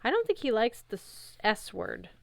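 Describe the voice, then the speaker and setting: A woman's voice: fairly high pitch, very animated, normal speed, creaky, no room sound. A woman voicing a nervous young male satyr who talks in a hesitant, uneasy way. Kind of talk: audiobook character voice.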